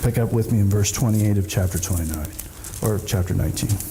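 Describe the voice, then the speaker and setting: A man's voice: on the low side, a little fast. A man preaching a sermon as pastor, who acts out the people in the story with sudden raised voices. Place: church sanctuary. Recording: echoey church hall, faint noise.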